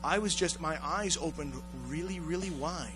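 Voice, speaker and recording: A man telling a rough story on a casual talk show, swearing a lot and acting out the voices of the people in it. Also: fairly high pitch, normal speed, over music, poor audio. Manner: profane, animated, acts out voices in his story. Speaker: podcast host telling a story.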